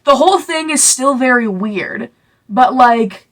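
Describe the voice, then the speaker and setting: Young female vlogger, bright tone, rambling, sarcastic book summary. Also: high voice, lively intonation, a little slow. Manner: rambling, filler-heavy, sarcastic asides. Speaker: book reviewer. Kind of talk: casual book recap.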